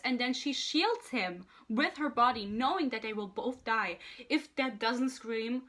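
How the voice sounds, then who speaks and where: A woman's voice: a little high, animated, measured pace, hardly any pauses, fairly bright tone. Fired-up young woman ranting about a book. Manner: heated, profane, exasperated ranting. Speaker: book reviewer. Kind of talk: casual ranting book review. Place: home room with a PC.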